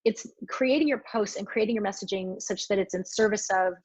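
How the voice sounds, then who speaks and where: A woman's voice: medium pitch, brisk, a little mellow, husky, no echo. A woman co-creator of a web series, earnestly sharing her crowdfunding experience.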